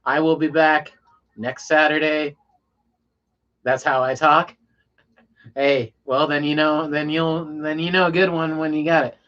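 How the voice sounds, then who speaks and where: A man's voice: a little high, flat delivery, measured pace, pauses often. Laid-back rambling man on a lo-fi stream. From Colorado, USA. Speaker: livestream host. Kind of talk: casual late-night livestream chat. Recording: dull lo-fi sound.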